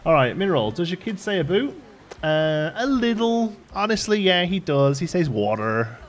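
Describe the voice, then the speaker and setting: A man's voice: high voice, very animated, normal speed. An English man with a light Liverpool tinge in his accent, hosting a live stream in casual, digressive chat and laughing often. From England. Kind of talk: casual chat while building in a game. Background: faint background music.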